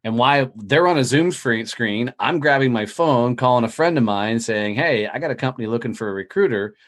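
A man telling stories as a podcast guest in a casual, profane, energetic way, acting out other people's lines as he talks. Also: medium pitch, fairly quick. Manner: profane, energetic, animated storytelling with quoted dialogue. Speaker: podcast guest, business owner. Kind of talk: casual interview storytelling.

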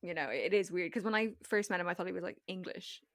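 A woman's voice: on the low side, fast talker, dry recording. A woman co-hosting a podcast, chatting casually with a dry, teasing manner. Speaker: podcast co-host. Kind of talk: casual chat.

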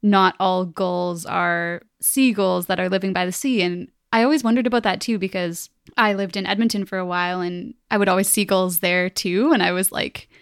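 A woman's voice: on the low side, fairly even intonation, moderate pace, vocal fry, hardly any pauses, smooth, no room sound, studio quality. A woman from Canada hosting a casual podcast chat, curious and chatty. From Vancouver, Canada.

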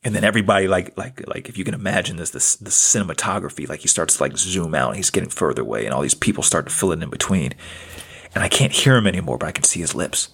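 A man's voice: deep voice, animated, fast talker, creaky, a bit bright, slightly rough. A man in his thirties hosting a spiritual self-help podcast, earnest and casual, repeating phrases for emphasis. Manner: earnest, repetitive, casual slang. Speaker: podcast host.

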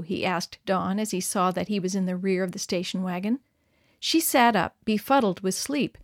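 A woman narrating a story in a clear, expressive read-aloud manner. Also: medium pitch, normal speed, dry recording, studio quality. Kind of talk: scripted narration.

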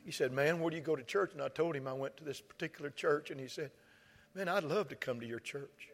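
A man, preaching a sermon as pastor. He tells stories and rises to impassioned shouts. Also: fairly high pitch, quick pace. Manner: storytelling, rising to impassioned shouts. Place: large church hall. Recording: reverberant church hall with soft music.

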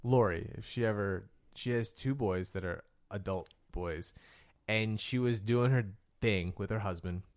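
A man's voice: lowish voice, measured pace. A man hosting a casual podcast chat, telling stories with lots of laughter and acted-out voices. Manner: animated storyteller, laughs often, acts out voices in anecdotes. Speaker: podcast host.

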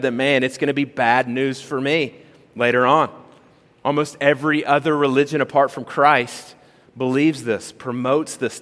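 A male pastor preaching a sermon in a conversational, animated way, full of rhetorical questions. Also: medium pitch. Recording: long reverb of a large hall.

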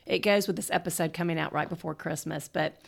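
A middle-aged woman hosting a parenting podcast, telling stories in an animated, casual way and laughing often. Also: sits low, fast, gravelly. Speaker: podcast host. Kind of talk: casual conversational storytelling.

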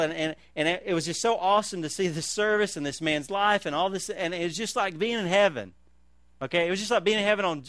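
A middle-aged pastor preaches in an animated way, his voice sitting a touch high for a man. He moves from loud calls down to quiet, slow emphasis. The sound is dry and close. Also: no echo. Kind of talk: sermon.

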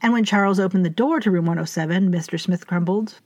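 A woman narrating a story in a measured, formal way with dry wit. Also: medium pitch, a little mellow, dry recording. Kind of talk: scripted fiction narration.

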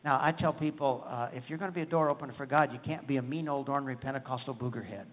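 A man's voice: mid-range voice, quick pace, big-room sound. A man preaching a folksy, humorous sermon, often asking the congregation for an amen. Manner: folksy, humorous, calls for amens. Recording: tinny phone-like sound.

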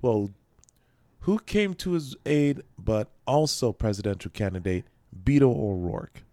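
A man's voice: lowish voice, very animated, measured pace, warm tone, no echo. A man co-hosting a podcast, chatting loosely through the news with a rambling, jokey manner. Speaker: podcast co-host. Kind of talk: casual news chat. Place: local radio studio.

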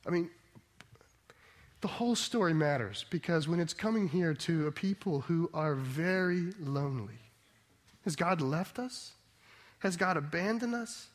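Man, pastor, sermon, storytelling, emphatic preaching, higher voice. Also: expressive, a little slow.

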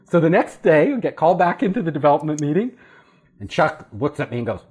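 A man casually telling a story, animated and often laughing as he acts out what others said. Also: a little high, fast, breathy edge. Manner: animated, laughing, acting out quoted voices. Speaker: storyteller guest. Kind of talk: casual anecdote.

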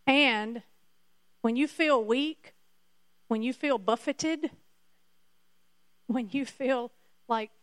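Emphatic, high-voiced woman preacher. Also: smooth, no room sound. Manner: emphatic, repeats points to the congregation. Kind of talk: sermon.

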